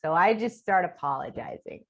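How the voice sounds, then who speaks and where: A woman comedian telling a long story in casual podcast chat, animated and laughing as she acts out what others said, heard over a video call. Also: lowish voice, normal speed. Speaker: comedian guest.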